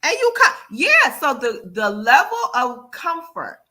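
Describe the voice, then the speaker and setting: Woman talk show host, bright high-ish voice, animated chat style that acts out quotes. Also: unhurried. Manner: animated, acts out quoted excuses, repeats "yada, yada". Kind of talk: casual chat.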